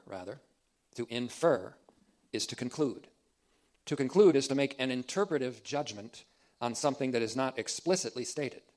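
A man teaching a theological sermon, deliberate and emphatic, repeating key phrases for emphasis. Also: mid-range voice. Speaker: preacher.

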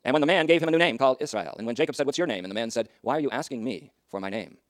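A male preacher delivers a sermon at a rapid clip, words tumbling out quickly. He swings dramatically between loud emphasis and hushed asides. The sound is dry and close, with no room echo. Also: mid-range voice, animated.

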